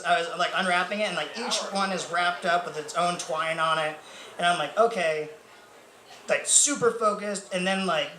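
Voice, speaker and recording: A man's voice: sits high, pushed and bright. A young man doing a rambling, profane, self-mocking stand-up set full of fillers and laughter. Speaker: stand-up comedian. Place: bar or club stage with a live audience. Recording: echoey room with crowd noise.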